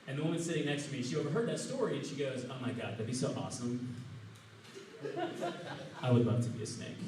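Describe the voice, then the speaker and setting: A man's voice: mid-range voice, darkish tone, slight background noise. A young man tells stand-up stories in a laid-back, bro-ish way. His voice is picked up from a distance and rings around a very echoey comedy room. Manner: casual bro-ish storytelling. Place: open mic comedy room.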